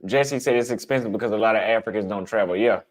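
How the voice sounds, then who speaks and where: A man's voice: fairly low pitch, fast talker. A man chatting casually with his audience about travel, blunt and conversational, repeating his points for emphasis. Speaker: travel vlogger answering chat. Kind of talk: casual livestream chat.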